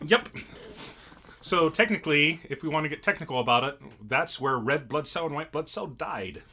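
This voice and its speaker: A man's voice: fairly high pitch, moderate pace. A man co-hosting a casual podcast, animatedly recapping an anime episode and acting out scenes. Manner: animated storytelling, acts out scenes. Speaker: podcast co-host.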